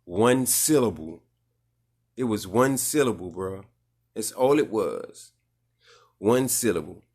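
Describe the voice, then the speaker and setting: A man with a New Orleans accent and a lowish voice reacts to a clip in casual commentary. He is blunt and sarcastic, with slangy repetition. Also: expressive, slow pace, a little mellow, slightly rough.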